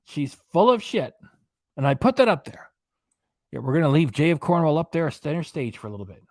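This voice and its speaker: A man's voice: on the high side, big pitch swings, a little fast, a little mellow, no room sound. Man, livestream host, sarcastic and scornful, rambling, dry close sound. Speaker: commentary channel host. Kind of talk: livestream reaction commentary.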